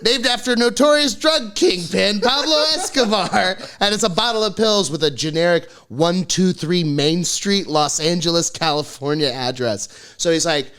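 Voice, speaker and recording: A man's voice: high voice, animated, moderate pace, few pauses, fairly bright tone, smooth. A young man telling a comic story on a podcast, rambling, laughing often and acting out the people he quotes. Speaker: podcast co-host. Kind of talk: comedic storytelling.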